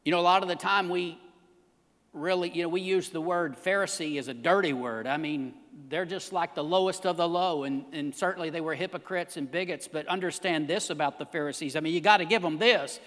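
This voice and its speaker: A man preaching a sermon as pastor, emphatic and building to shouts. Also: a little high, a little fast, in a large hall.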